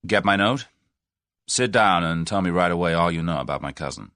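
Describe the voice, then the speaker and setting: A man's voice: sits low, lively intonation, fairly quick, dry recording, clean studio sound, exaggerated voice. A man voicing a blunt, pugnacious American man in his thirties, with an American accent, in an audiobook. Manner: blunt, forceful, folksy.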